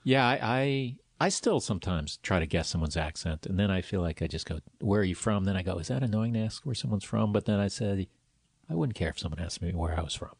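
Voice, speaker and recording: A man with a very deep voice chats in an easygoing, joking way as host. His voice sounds close and dry. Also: expressive, creaky, breathy edge, dry recording. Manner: easygoing, joking, quick to agree. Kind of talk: casual chat.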